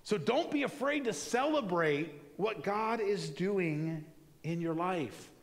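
Animated man preaching in an echoing church. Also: high voice, slow. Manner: conversational, animated preaching with acted-out asides. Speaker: pastor. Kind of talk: sermon. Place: church sanctuary.

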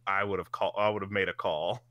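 A man co-hosting a podcast, animated, swearing and laughing as he tells a story in casual chat. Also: deep voice, normal speed, no room sound. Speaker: podcast co-host.

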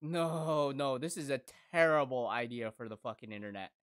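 Speaking at a normal speed with an extremely low pitch, a woman hosts an anime reaction. She goes from soft cooing to loud, thrilled squeals and doesn't hold back on swearing.

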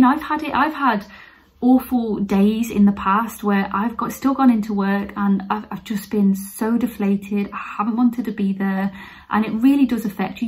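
A woman's voice: mid-range voice, warm tone, poor audio. Earnest woman talking openly. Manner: earnest, open, turns emotional and teary at times. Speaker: nurse vlogger. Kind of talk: heartfelt personal talk to camera.

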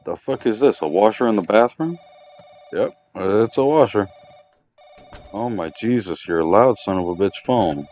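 A man's voice: on the low side, animated, normal speed, darkish tone, a little hiss or hum. A man playing a game and reading its dialogue aloud, with sarcastic, swear-heavy casual commentary, in a dull lo-fi recording. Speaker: let's play gamer.

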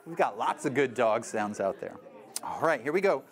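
A woman children's librarian leading a toddler storytime, reading a picture book aloud and singing in a slow, sing-song voice. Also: very deep voice, animated.

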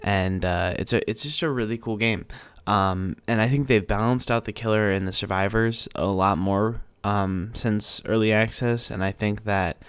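Rambling young male podcast host, low voice. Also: smooth, dry recording. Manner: rambling, with many fillers and restarts, enthusiastic. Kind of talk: casual podcast chat.

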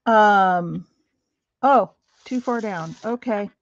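Slow, gravelly-voiced woman crafter. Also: medium pitch, dull audio. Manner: chatty, apologetic and rambling, laughs easily. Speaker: craft livestream host. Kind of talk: casual chat with live viewers while crafting. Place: home craft room.

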